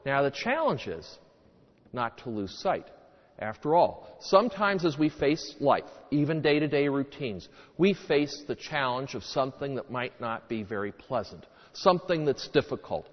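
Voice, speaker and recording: A man preaching a sermon in a church, speaking emphatically with many rhetorical questions. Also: a little high. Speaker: priest. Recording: dull sound, long church reverb.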